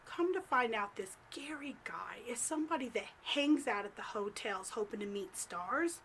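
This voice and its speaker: A woman vlog host telling a story to camera in a chatty, animated way, full of "like" fillers. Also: fairly high pitch, slight background noise. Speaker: psychic medium and vlog host.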